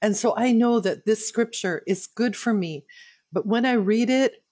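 A woman's voice: fairly high pitch, warm tone, no room sound. A woman reading a Bible chapter aloud and explaining it verse by verse in an earnest, devotional way. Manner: slow, earnest, personal devotional tone. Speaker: Bible teacher.

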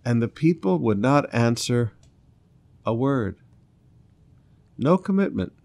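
A man's voice: mid-range voice, lively intonation, slow pace, creaky. Man preaching with dramatic swings. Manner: dramatic, swings between loud emphasis and quiet asides. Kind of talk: sermon reading scripture with commentary.

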